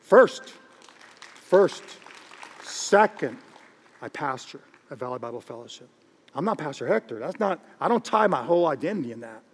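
Joking preacher in a reverberant hall. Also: male voice, mid-range voice, brisk, a little hiss or hum. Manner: animated, joking preacher who repeats phrases for emphasis. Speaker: pastor. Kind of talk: sermon. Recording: long reverb of a large hall.

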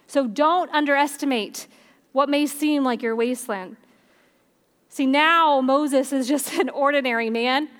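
A woman's voice: sits high, a little slow, fairly bright tone. A woman preaching a sermon at a church service in an earnest, conversational way.

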